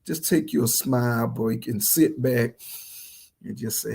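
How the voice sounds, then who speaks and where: A male pastor with a Southern US accent preaches to an online audience. His voice is dark and gravelly, with a husky edge. He repeats his phrases and builds to fervent peaks. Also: mid-range voice, slow pace. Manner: preachy, repetitive, rising to fervent energy. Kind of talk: livestreamed sermon.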